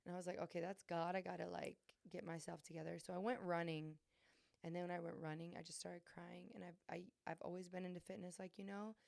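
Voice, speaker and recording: This podcast host, a young adult woman, confesses her struggles candidly and earnestly, often using fillers and starting over. She talks fast in a fairly low, gravelly, slightly mellow voice with a level tone, recorded dry at studio quality.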